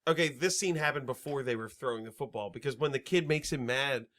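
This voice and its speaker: A man's voice: medium pitch, a little fast, fairly bright tone. A man co-hosting a podcast, recapping a movie plot in a rambling, profane way. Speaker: podcast co-host. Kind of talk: casual comedic chat.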